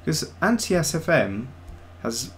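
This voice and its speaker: A man's voice: on the high side, sing-song, measured pace, slight background noise. A middle-aged man chatting casually on a live stream, thinking aloud as he sculpts a 3D model. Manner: easygoing, thinking aloud while working.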